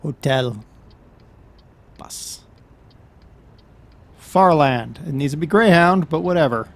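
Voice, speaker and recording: A man's voice: on the high side, animated, slow. Chatty man narrating a drive. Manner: chatty, joking, laughs at himself. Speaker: gameplay commentator. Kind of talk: casual let's-play commentary.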